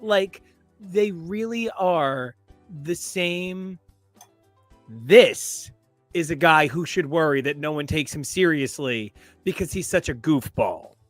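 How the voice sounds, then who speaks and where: A man's voice: on the high side, animated, slow pace, no room sound, faint music behind. A man co-hosting a casual podcast, joking and making puns in a playful way. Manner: jokey, punning, playful. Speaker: podcast co-host. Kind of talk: casual comics discussion.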